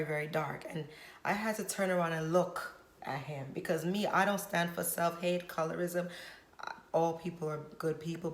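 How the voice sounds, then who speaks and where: A woman hairstylist telling a story straight to camera in a vlog, emphatic and preachy, repeating her points. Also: lowish voice. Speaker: hairstylist vlogger. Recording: roomy echo.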